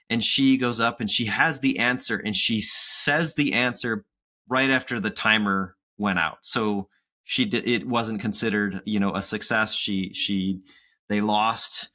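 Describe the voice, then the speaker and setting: Man, 30s, podcast co-host, casual animated storyteller, bright forceful tone. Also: fairly low pitch. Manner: animated storytelling with acted-out quotes. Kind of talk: casual chat.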